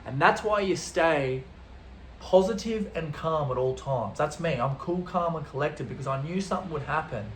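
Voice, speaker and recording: A man's voice: on the high side, expressive, moderate pace, a bit bright, a little hiss or hum. Laid-back Australian man telling a travel story. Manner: swearing, laid-back slang. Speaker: travel vlogger. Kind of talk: animated storytelling. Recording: roomy echo.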